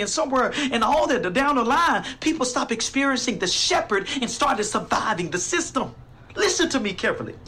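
A woman's voice: sits high, fairly bright tone, breathy edge. A woman preaching a sermon with urgency, stumbling over repeated words.

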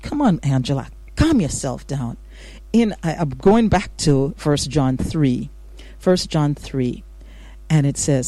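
Woman, radio devotional host, exuberant, warm mellow tone, dry close sound. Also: sits low, unhurried, no room sound. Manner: exuberant, sprinkled with praise and amens. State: out of breath. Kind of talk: morning radio devotional chat.

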